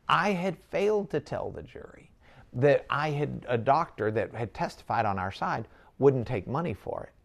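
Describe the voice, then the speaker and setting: A man who is a trial lawyer, explaining a case in a measured, wry way during an interview. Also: medium pitch, creaky.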